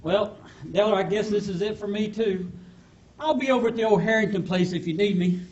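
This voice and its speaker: A man's voice: high-pitched, fairly quick, darkish tone, highs cut off, natural voice. An actor playing an earnest man, folksy and reassuring, ready to spread the word. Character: earnest Southern preacher-type husband. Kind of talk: live stage comedy acting.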